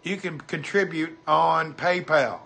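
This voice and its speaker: A man's voice: fairly high pitch, slow, gravelly, sharp tone, husky. A man with a Southern US accent, chatting casually on a livestream, reading viewer comments and greeting people by name in a folksy way. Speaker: livestream host.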